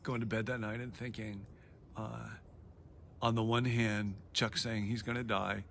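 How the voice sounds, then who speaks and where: A man in his sixties hosts an intimate conversation, prompting and reflecting. His voice is low yet bright and forward. Faint background noise runs beneath. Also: flat delivery, measured pace, vocal fry. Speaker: host. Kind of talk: conversational interview.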